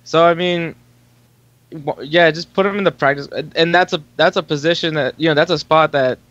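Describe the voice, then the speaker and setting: A man's voice: a little high, moderate pace, fairly bright tone, no room sound. Rambling man on dry lo-fi audio. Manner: rambling, full of restarts and fillers. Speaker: sports talk co-host. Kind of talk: casual sports talk.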